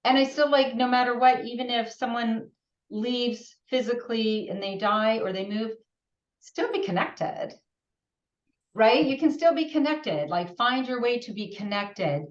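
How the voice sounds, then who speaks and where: A woman's voice: a little high, a little slow. A woman co-hosting a conversation, affirming and sharing her own feelings. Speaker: co-host. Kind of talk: reflective conversation. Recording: roomy, distant, dull video-call audio.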